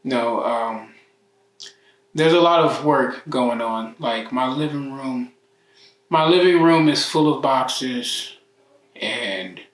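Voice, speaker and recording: A man rambles raw and profane in slow, drawn-out speech, his voice fairly high for a man. He sounds set back from the mic, with the echo of a bare room around him. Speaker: vlogger. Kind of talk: emotional self-talk vlog. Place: living room at home. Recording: roomy echo, mic far off.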